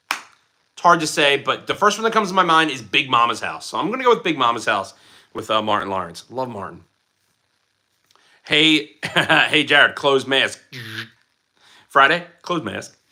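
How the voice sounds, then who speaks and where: Goofy guy hosting a livestream, reading chat, super bright voice that swoops up and down a lot. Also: a little high. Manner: playful and goofy, slips into silly voices. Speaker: livestream host.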